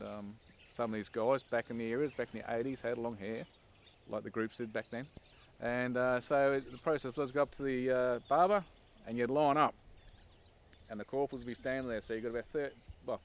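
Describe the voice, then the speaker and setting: A man, recalling his army training in a casual, wry documentary interview, with frequent "um"s and "and"s. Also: mid-range voice. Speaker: former army recruit, interviewee. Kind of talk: documentary interview, anecdotal recollection.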